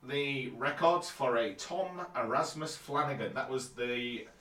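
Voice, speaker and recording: A man co-hosting a podcast, calmly recapping the plot of a TV episode. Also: medium pitch, a little slow. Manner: relaxed, summarizing plot steadily. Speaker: podcast co-host. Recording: roomy, distant mic.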